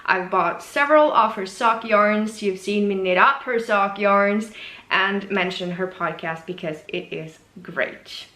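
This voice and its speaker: A knitwear designer whose first language is Norwegian hosts a casual video podcast, chatting in a gushing, enthusiastic, self-deprecating way. Her voice is mid-range, pushed and bright, recorded in an echoey room.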